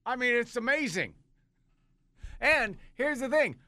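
A man's voice: very high-pitched, lively intonation, unhurried, bright, forceful tone, no echo. A man co-hosting a radio morning show, teasing and playful in joking banter from the studio. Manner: playful, teasing, mock-innocent.

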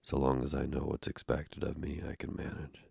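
A man reading the lines of a stern, brisk middle-aged housekeeper in a curt, no-nonsense way, in an audiobook. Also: rumbling low, flat delivery, creaky, warm tone, slightly rough, dry recording, clean studio sound, exaggerated voice. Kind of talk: audiobook narration.

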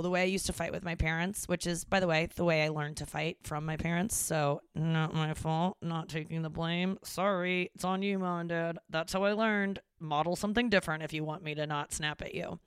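A young woman hosting a podcast, telling a story in an animated, exasperated way and swearing now and then. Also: on the low side, brisk, smooth, dry recording, clean studio sound. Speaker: podcast host. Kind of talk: casual monologue. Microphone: studio mic into a mixing board.

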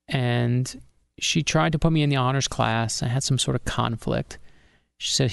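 A middle-aged man with a gravelly, creaky edge, speaking at an ordinary middle pitch into a close, dry studio mic. He tells his story with animated drive and slips into the voices of the people he quotes. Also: normal speed, no echo. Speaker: author guest. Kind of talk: podcast interview storytelling.

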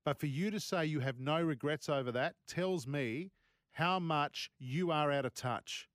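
A man's voice: on the high side, a little slow, fairly bright tone, no room sound, clean studio sound. An Australian man hosting a sports talk radio show, speaking bluntly and indignantly in a colloquial way. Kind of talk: talk radio opinion segment. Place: radio studio.

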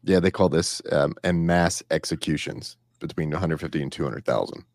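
A man with a low, deep voice co-hosting a casual political chat, speaking in halting, blunt remarks. The sound is dry and close-miked. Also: gravelly, darkish tone, no room sound. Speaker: podcast co-host.

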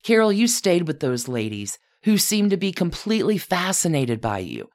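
A woman's voice: lowish voice, sing-song, normal speed, a little mellow. A woman podcast host giving scripted narration, telling a life story as a letter addressed to its subject as "you".

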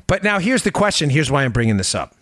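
A man hosting a political talk show, animated and emphatic, sarcastic and quick to laugh. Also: fairly high pitch, dry recording, clean studio sound. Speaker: host.

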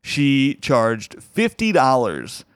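A man's voice: mid-range voice, very slow, clear, resonant tone, no echo, clean studio sound. A young man, a comedian, casually telling a funny anecdote, laughing often as he talks. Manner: animated, laughs often while telling the story.

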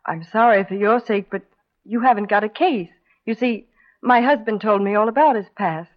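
A woman playing a small-town wife in a 1940s radio drama, talking in a calm, quietly resolute way. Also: mid-range voice, moderate pace, natural voice. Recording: dull 1940s radio broadcast.

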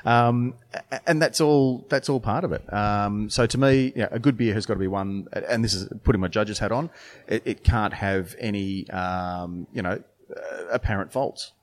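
A man talks in a loose, rambling way, stopping and restarting his sentences. His voice sits fairly low. He sounds like a brewer swapping stories in a relaxed podcast chat. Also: moderate pace, slight background noise. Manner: rambling, many restarts and fillers, storytelling. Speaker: brewer and beer judge.

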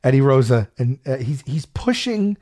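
A man telling a story in a casual chat, stammering and loudly acting out the people in it. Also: medium pitch, moderate pace. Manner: animated, acts out a shouting wrestler and his own stammering. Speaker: storyteller guest.

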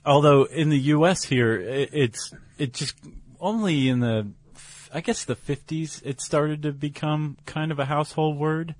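An American man co-hosting a podcast, chatting in a relaxed, playful way with frequent restarts. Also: fairly high pitch, a little slow, no room sound. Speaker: podcast co-host. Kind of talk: casual chat.

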